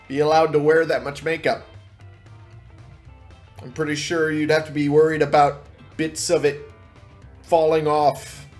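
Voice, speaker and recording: Sarcastic swearing let's play man. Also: fairly high pitch. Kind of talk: casual gameplay commentary. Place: home. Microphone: headset.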